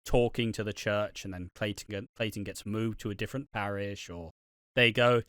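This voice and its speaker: Bright, crisp English man. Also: on the low side, fairly even intonation, no echo, clean studio sound. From England. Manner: halting, many restarts, swears casually. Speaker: podcast co-host. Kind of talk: casual podcast chat.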